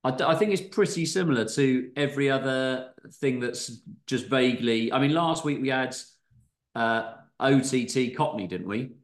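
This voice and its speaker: A man's voice: medium pitch, moderate pace. Easygoing man, echoey room. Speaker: podcast host reading a story. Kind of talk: casual chat.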